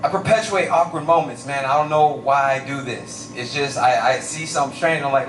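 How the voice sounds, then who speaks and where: A young man does a stand-up set, telling stories animatedly with lots of voices and shouts. His mid-range voice moves a little fast, picked up by a distant mic in a roomy space with a little hiss or hum.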